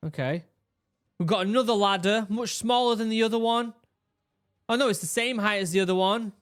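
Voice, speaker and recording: A man gives excited, casual commentary on a training course video, full of exclamations and restarts. His voice sits slightly high for a man. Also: fairly quick, clean tone. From England. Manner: animated, exclaiming, with repeated restarts. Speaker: reaction video host, former Royal Marine.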